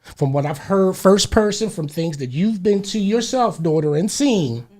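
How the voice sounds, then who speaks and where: A man hosting a radio talk show, telling a story in an animated, slangy, emphatic way and repeating words as he gets heated. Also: high voice, normal speed.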